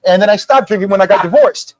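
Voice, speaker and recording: A man's voice: high voice, fast, no room sound, poor audio. A middle-aged man, a whisky brand founder, telling stories at a live tasting in a liquor store and acting out the people in them. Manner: animated storyteller who acts out quoted dialogue. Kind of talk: casual storytelling at a live tasting.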